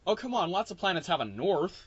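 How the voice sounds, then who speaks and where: A man's voice: high-pitched, big pitch swings, quick pace, slightly rough, no echo. Male podcast sidekick, wry reactor, lo-fi dull audio. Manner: wry, reactive, laughs often. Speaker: podcast co-host. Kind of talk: casual comedic chat.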